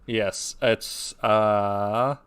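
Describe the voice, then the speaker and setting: A man with a low, smooth voice joins a casual chat. He fills in details haltingly, pausing to find his words. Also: steady tone, a bit bright. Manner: hesitant, halting interjections.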